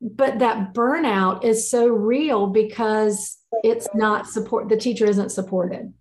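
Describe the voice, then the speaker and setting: A woman's voice: mid-range voice, fairly even intonation, takes it slowly. A woman co-hosting a casual chat, telling a story with feeling and often restarting her phrases. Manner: emotional, repeats and restarts phrases. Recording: roomy echo.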